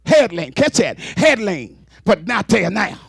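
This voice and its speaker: Exclaiming preacher man with a lively voice. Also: high voice, measured pace, creaky, husky, no echo, studio quality. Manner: exclamatory, shouting and whooping. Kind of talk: sermon.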